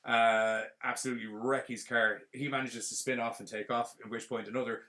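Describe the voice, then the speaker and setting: A man, hosting a podcast and retelling a film plot in a casual, rambling, animated way full of fillers. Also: medium pitch, a little fast. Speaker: podcast host.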